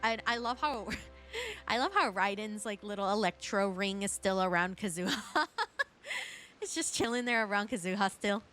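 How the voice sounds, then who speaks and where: A woman's voice: medium pitch, lively intonation, moderate pace, pushed and bright, faint music behind. A woman streaming a video game as a VTuber, chatting casually with her viewers in a gushing, giggly way. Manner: gushing and giggly, talks to chat. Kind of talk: casual gaming stream chat.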